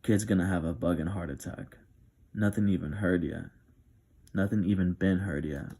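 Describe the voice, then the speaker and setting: A man reading the lines of a friendly, easygoing young man who calms others down. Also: sits low, normal speed, slightly rough.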